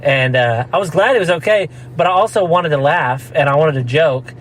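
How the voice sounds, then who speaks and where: Man, casual podcast chat, rambling storyteller, laughs a lot, high-ish voice, faint hum behind. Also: normal speed, fairly bright tone, rough recording. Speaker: podcast co-host.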